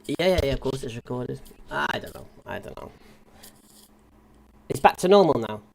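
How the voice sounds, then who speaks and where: A man hosting a live online discussion stream, talking in a relaxed, hesitant way with many fillers. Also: medium pitch, moderate pace, creaky, slight background noise. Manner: easygoing, hesitant, lots of fillers. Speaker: host. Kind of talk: casual live-stream chat.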